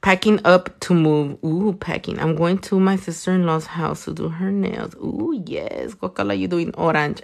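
Doing nails on a livestream tutorial, this young woman from California swears freely, chats casually, and reads out viewer comments. She speaks at a moderate pace with few pauses, her fairly low voice steady, gravelly, and a little mellow.

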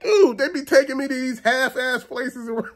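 A man's voice: very high voice, normal speed. A middle-aged man telling a funny, profane story in a rant, acting out what people said and laughing often. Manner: animated, profane, acts out quotes, laughs often. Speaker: show host.

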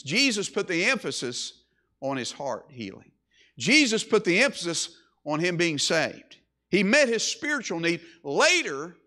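A man's voice: sits high, sharp tone. A man preaching a sermon as pastor, emphatic, with repeated phrases and swelling emphasis.

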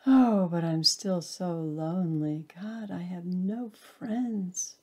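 A woman's voice: mid-range voice, expressive, unhurried, dark tone. A woman voicing a small, frightened, lonely acorn in a storybook tale, with breathless pleading cries. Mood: forlorn.

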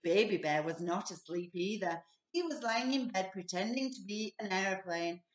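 A woman reading a children's picture book aloud with expressive delivery and playful sound effects. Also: medium pitch, moderate pace. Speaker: storybook reader. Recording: echoey room, distant mic.

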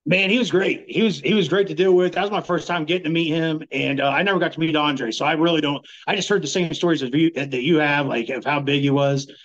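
A man's voice: a little high, quick pace, few pauses, a bit bright, highs cut off. A middle-aged man, a former wrestler, telling rambling stories in a laid-back interview and laughing often. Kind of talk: casual storytelling interview.

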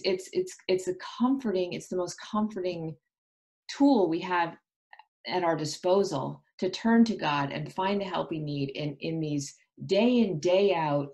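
Middle-aged woman guest on a radio show, low voice, earnest, keeps restarting sentences. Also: darkish tone. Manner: earnest, reflective, frequent restarts. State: insomniac. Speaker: author and interview guest. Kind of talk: radio interview.

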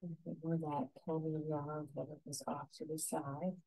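A woman teaching a painting lesson, giving soft, unhurried step-by-step instructions. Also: low-pitched, flat delivery, no room sound, low-quality recording.

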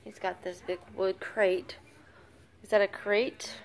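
An older woman, a grandmother babysitting, softly narrating a home video in an upstairs family room, often dropping to a whisper and coaxing the little ones. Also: mid-range voice, flat delivery, takes it slowly. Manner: soft-spoken, often hushed to a whisper; coaxing, praising grandmotherly baby talk. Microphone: handheld phone camera.

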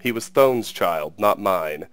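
A man's voice: on the low side, expressive, slow, clear, resonant tone, no room sound. A man reading aloud who voices an aging, grief-stricken king in a sad, heavy delivery. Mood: grieving.

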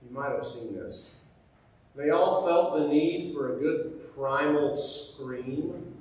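Male pastor, slow and unhurried, conversational sermon with repeated phrases, heard from a distance in a very echoey church. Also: on the high side, darkish tone, a little hiss or hum. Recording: very echoey church, mic far off.

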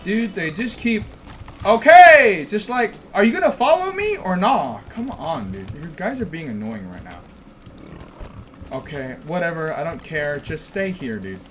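A young man streaming a game, talking to himself in bursts that swing from loud yelps to low mutters. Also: huge pitch swings, unhurried. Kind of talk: gaming commentary. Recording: game music underneath. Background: game music.

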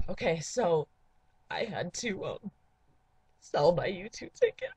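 A woman talking to camera in a casual confessional vlog for a dating profile, halting and emotional, full of sighs and restarts. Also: fairly low pitch, animated, darkish tone, slightly rough. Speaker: person making a dating video.

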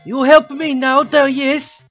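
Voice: high voice, little pitch movement, slow, a bit bright, muffled recording, soft background music, pitched above the performer's own voice. A streamer putting on a pushy man with a strange made-up accent, coaxing and tagging questions with "yes".

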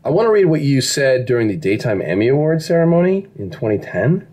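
A man hosting a podcast interview, eagerly encouraging his guest with quick reactions. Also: medium pitch, very animated, darkish tone. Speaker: podcast host. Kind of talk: casual interview chat.

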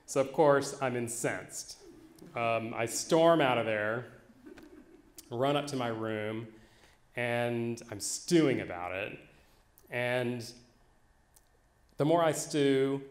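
A man telling a funny personal story live on stage, wry and animated. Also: medium pitch. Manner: wry, animated, slow-building. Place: theater stage. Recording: echoey live venue.

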